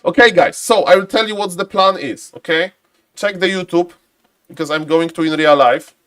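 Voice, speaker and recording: A man streaming and commentating a strategy game match live, chatty and excitable, breaking into sudden high shouts and greeting viewers by name. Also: normal speed.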